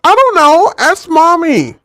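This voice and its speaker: A man's voice: very high-pitched, sing-song, slow pace, bright, forceful tone, no room sound, studio quality, faint music behind, voice pushed up, full character voice. A man voicing a whiny teenage girl. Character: cranky irritated teenage girl.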